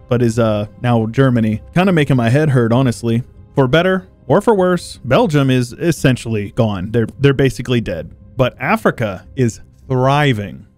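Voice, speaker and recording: A man giving casual, joking commentary over a strategy game, laid-back with quick asides and small chuckles. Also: mid-range voice, darkish tone. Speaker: strategy game video host.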